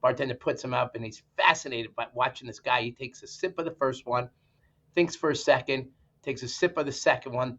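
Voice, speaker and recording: A man's voice: medium pitch, fairly bright tone. A middle-aged man co-hosting a podcast, casually chatting and telling a joke in a playful way. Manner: playful, jokey. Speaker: podcast co-host, joke teller. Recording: muffled remote audio.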